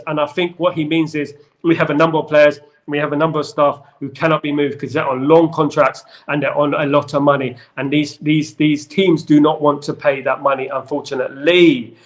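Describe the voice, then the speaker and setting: A man hosting a casual football chat who rambles and jokes, with lots of wordplay. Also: a little high. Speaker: football channel host.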